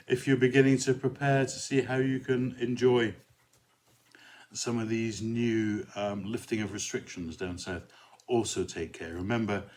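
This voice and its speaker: A man's voice: medium pitch, darkish tone, slight background noise. A male rector hosting his own podcast, reciting a comic poem and chatting in a rambling, easygoing way with many asides. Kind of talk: casual solo chat and poem recitation.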